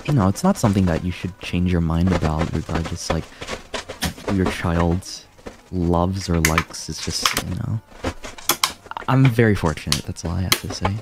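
A man talking casually on a stream, halting, with many fillers and restarts. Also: low voice, very noisy.

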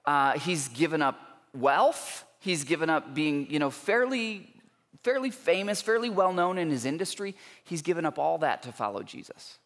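A man preaching a sermon as a pastor, earnest and emphatic, building intensity with pauses for weight. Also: a little high, expressive, fairly bright tone. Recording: long church hall reverb.

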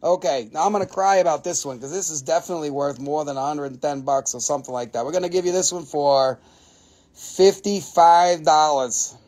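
Hosting a live mineral sale, a man with an Appalachian accent talks fairly quickly in a slightly high voice. He's excitable and jokey, dropping casual swear words along the way.

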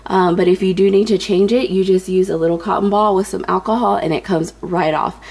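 A young woman, slightly out of breath, chats with viewers as she walks through her home organization tips, calling them "you guys" and saying um a lot. Her mid-range voice is steady, fairly quick, a little mellow and husky, with vocal fry.

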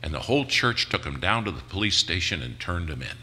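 A man's voice: low-pitched, very animated, fairly quick, bright, forceful tone, full character voice. A man voicing a bold, teasing older churchwoman who speaks bluntly and fervently in a drawl. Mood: matter-of-fact.

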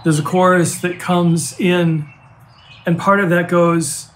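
An older man, a pastor and grandfather, preaching a heartfelt sermon with earnest, halting restarts. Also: sits high, flat delivery.

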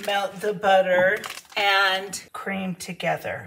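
A woman's voice: medium pitch, slow, roomy sound, faint music behind. A woman hosting a casual cooking demonstration, playful and chatty, with silly asides to her viewers. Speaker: cooking vlogger. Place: cabin kitchen.

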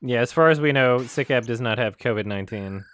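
A man streaming a co-op game in casual chat, excitable, swearing and yelping when hit. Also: medium pitch, a little fast. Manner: excitable, swears often, yelps at hits.

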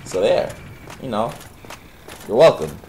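Young male gamer, sarcastic and profane, very animated pitch, light background noise. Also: unhurried, rough recording. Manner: sarcastic, profane, talks to the game characters. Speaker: gaming commentator. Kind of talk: Let's Play commentary.

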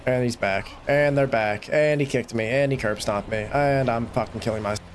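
A man's voice: mid-range voice, fairly quick, few pauses, slight background noise. Young man raging over a video game. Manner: swearing, frustrated outbursts and shouting. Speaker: gaming YouTuber. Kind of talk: gameplay commentary.

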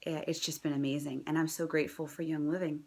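A woman's voice: low-pitched, flat delivery, fast talker, a little mellow. A woman in her thirties, a mother, telling her own story in a casual, earnest and enthusiastic way, with fillers and restarts, sometimes dropping to a whisper. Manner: drops into a whisper at times. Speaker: mother sharing a testimonial. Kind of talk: casual personal testimonial.

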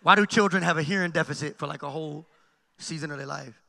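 Pastor preaching, bright high voice, tosses lines out to the crowd, big church reverb. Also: male voice, fast, gravelly. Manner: preaching with call-and-response asides. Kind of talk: sermon. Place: church sanctuary. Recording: long hall reverb.

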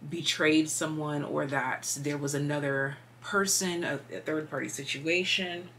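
Low-voiced chatty woman tarot reader. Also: a bit bright, a little hiss or hum. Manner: chatty, meandering, filler-heavy, drops into whispers. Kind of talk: casual tarot reading.

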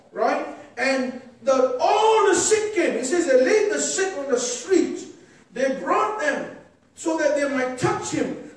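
A man preaching a sermon as a pastor, emphatic and rising to shouts, calling out "amen" and "come on" to the congregation. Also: very high voice. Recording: echoey hall, distant mic.

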